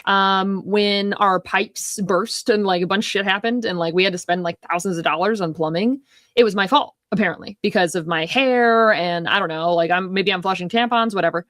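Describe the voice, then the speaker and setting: A woman's voice: mid-range voice, moderate pace, a bit bright, no room sound, clean studio sound. A woman co-hosting a film talk show, venting in a rambling, heated way with lots of swearing. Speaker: podcast co-host. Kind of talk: casual film discussion.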